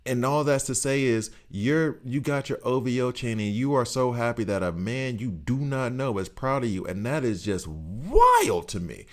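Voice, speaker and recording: A man's voice: mid-range voice, big pitch swings, normal speed, few pauses. A middle-aged man streaming a game, rambling through opinions and laughing often in casual chat. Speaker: gaming streamer.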